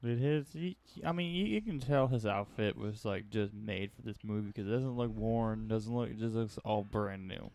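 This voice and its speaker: A man's voice: fairly low pitch, normal speed, creaky, hardly any pauses, darkish tone. A man co-hosting a casual horror movie commentary, laid-back and slangy, swearing often. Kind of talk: casual chat.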